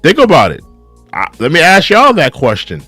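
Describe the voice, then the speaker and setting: Young man, reaction host, casual commentary, lively swooping delivery, slightly high voice, dry close sound. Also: normal speed, no room sound, soft background music. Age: young adult. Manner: animated, repeats rhetorical questions, reads viewer comments aloud.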